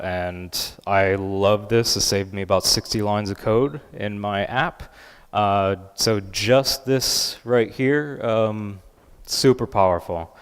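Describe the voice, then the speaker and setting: A man giving a live conference talk and software demo, casual and upbeat with many filler words. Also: on the low side, clear, resonant tone. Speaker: conference speaker. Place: large conference hall. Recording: reverberant conference hall.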